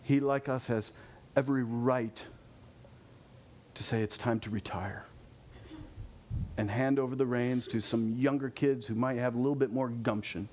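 A man preaching a sermon, animated, his voice climbing with intensity and dropping low to close points. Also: a little slow, pauses often, slight background noise.

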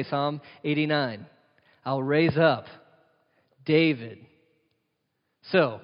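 Male pastor, fairly high voice, sermon delivery with rhetorical questions, dull recording with long hall reverb. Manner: rhetorical questions, emphatic repetition.

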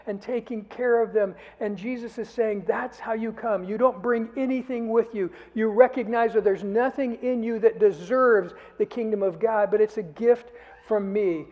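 An older man preaching a sermon as a pastor, earnest, rising to loud emphasis and sinking to near whispers. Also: high-pitched, moderate pace. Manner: earnest, swells louder then drops to a near whisper. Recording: dull sound with long hall reverb.

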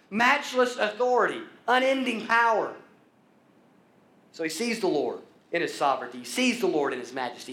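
Echoey preaching man, rising emphasis. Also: a bit bright. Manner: builds emphasis through repetition, rising in pitch and volume. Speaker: pastor. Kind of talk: sermon. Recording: echoey room.

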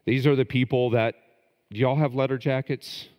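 A man preaching a sermon as pastor, animated and rising to emphatic bursts. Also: mid-range voice, normal speed. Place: church sanctuary. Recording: long hall reverb.

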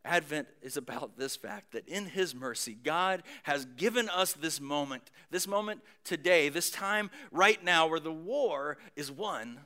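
A man preaching a sermon, moving between booming emphasis and hushed near-whispers, with casual conversational asides. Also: expressive, a little slow, hardly any pauses. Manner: conversational asides with light humor. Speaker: pastor.

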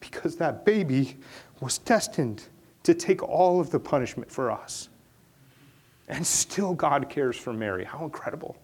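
A middle-aged man, a pastor, preaching an earnest sermon that rises to loud, high-pitched emphasis at its peaks. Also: lively intonation, unhurried, slightly rough.

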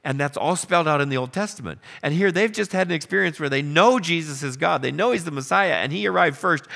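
A man preaching a sermon, telling the story with animated questions and acted-out lines. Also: fairly high pitch, gravelly. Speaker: pastor.

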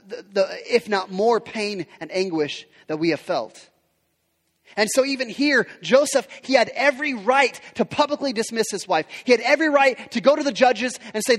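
A man's voice: high-pitched, a bit bright, long reverb tail. A man preaching a sermon in an earnest style, repeating phrases and restarting lines as he builds his point. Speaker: pastor.

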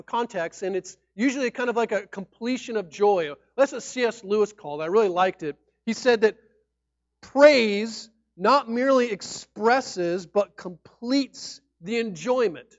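Man, pastor, sermon, animated delivery, dry close sound, muffled. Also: high voice, no room sound. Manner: animated, acts out shouting fans and mock-formal speech.

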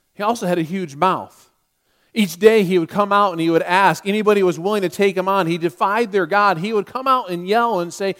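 High-voiced preacher telling a story. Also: male voice. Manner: animated retelling with quoted dialogue. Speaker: pastor. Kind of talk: sermon storytelling.

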